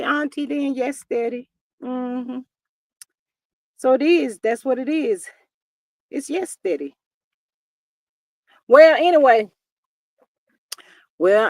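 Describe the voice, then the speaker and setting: A woman's voice: sits high, dry recording. A woman hosting a livestream, chatting casually and playfully while reading out names from her chat. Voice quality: animated, playful. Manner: chatty, folksy, reads chat names aloud. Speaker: livestream host.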